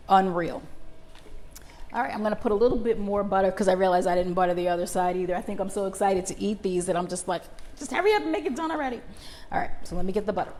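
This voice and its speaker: A woman's voice: mid-range voice, darkish tone, a little hiss or hum. Lady doing a live cooking stream in her kitchen, middle-aged, chatty, keeps saying y'all to the viewers. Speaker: cooking show host. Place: home kitchen. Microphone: connected microphone, moving around the house.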